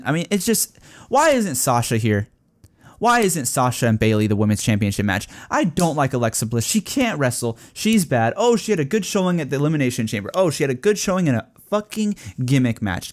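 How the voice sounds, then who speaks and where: A young man giving casual, opinionated solo commentary, profane and ranting, growing excited as he talks. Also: medium pitch. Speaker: wrestling podcaster.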